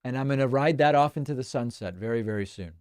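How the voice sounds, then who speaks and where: A man's voice: medium pitch, fast, clean tone, dry recording, clean studio sound. A male host from Argentina, chatting wryly on a livestream and reading out viewer messages. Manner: wry, chatty, animated asides.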